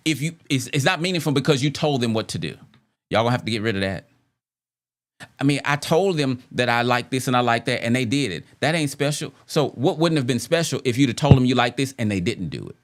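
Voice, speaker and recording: A man talking about relationships in a loose, conversational way. His pitch moves around a lot, and he often asks rhetorical questions and circles back to repeat phrases as he works out his point. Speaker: podcast host. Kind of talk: casual relationship talk.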